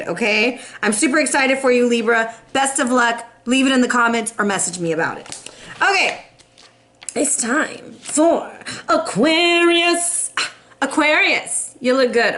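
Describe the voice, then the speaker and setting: Young woman, high voice, tarot reader, sassy and playful, laughs a lot. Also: animated, moderate pace, fairly bright tone. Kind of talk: casual tarot reading.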